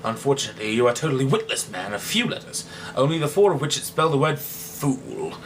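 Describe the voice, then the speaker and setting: A man's voice: fairly high pitch, big pitch swings, brisk, gravelly, distant mic, slight background noise. A man reading aloud as a proud, mocking swordsman-poet, delivering a theatrical monologue in an amateur dramatic reading.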